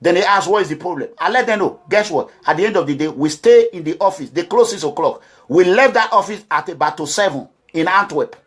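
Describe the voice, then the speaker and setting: A middle-aged man from Nigeria, speaking forcefully as a community advocate, urging and lecturing his listeners. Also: sits high, expressive, brisk, few pauses. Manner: forceful, exhorting, repetitive, quotes others in voices. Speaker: community advocate addressing followers. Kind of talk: impassioned monologue.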